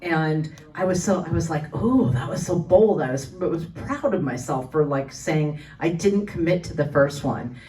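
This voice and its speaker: A woman's voice: low-pitched, normal speed, few pauses, darkish tone. A woman voice actor answering fan questions at a convention panel, chatty and full of restarts. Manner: chatty storyteller, many restarts and fillers. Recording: voice from far off the mic.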